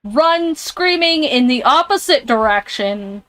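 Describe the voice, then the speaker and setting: A woman's voice: sits high, animated, takes it slowly, fairly bright tone, dry recording. A woman streamer playing a game, reading its text aloud and reacting with jumpy, scared comments. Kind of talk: live-streamed game playthrough. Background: headphones on, alone in a room.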